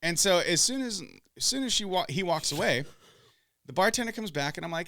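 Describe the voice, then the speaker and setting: Man, podcast host, loud and profane storyteller, lively pitch, dry close sound. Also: brisk, no echo. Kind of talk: casual chat, storytelling.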